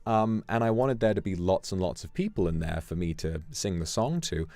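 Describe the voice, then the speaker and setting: A man streamer chatting casually, telling an animated story with sudden jumps in pitch. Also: normal speed, no echo. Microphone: streaming microphone. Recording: dry close mic, faint music behind.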